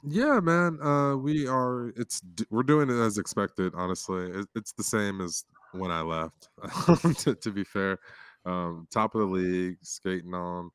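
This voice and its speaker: A man's voice: on the low side, measured pace, clean tone, no echo, clean studio sound. A man guesting on a podcast, laid-back in casual chat.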